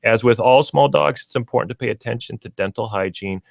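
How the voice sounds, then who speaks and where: A man's voice: mid-range voice, a little fast, vocal fry, no room sound. A middle-aged man with a Midwestern American accent, a pet store owner chatting and explaining on a radio show. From Minnesota, US Midwest. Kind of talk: casual radio chat.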